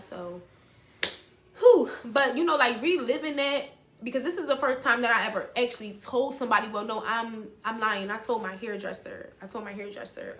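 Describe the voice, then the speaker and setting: A woman's voice: on the high side, bright, forceful tone, echoey room, slight background noise. A young woman, telling a raw personal story to her viewers, blunt and emotional and swearing freely. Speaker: vlogger. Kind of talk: candid storytelling to camera.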